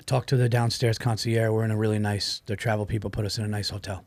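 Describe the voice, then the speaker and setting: A podcast host telling a food story in casual, excitable talk, often saying "dude". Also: male voice, lowish voice, fast, no room sound.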